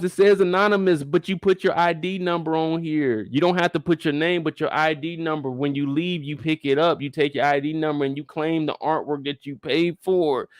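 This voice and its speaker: A man's voice: a little high, no room sound, clean studio sound. A man hosting a live after-show discussion, ranting in disbelief at his viewers and repeating phrases for emphasis. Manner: talks straight to his viewers. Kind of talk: animated live reaction commentary.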